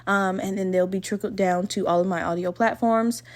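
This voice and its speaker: A woman in her twenties hosting her own podcast, telling a story in a lively, profane, laughing way and acting out the quotes. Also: mid-range voice, normal speed. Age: 20s. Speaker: podcast host. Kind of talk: casual storytelling monologue.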